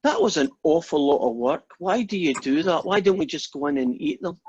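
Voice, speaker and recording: A man's voice: a little high, very animated, a little fast, darkish tone, slight background noise. A man doing an eager baby shark in a joke. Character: eager hungry young male baby shark. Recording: dull lo-fi online call audio.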